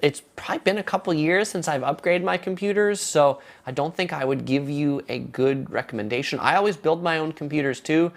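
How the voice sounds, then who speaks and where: A man from Southern California in his thirties, hosting a casual live stream and answering viewer questions in a relaxed, halting way with many fillers. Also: fairly high pitch.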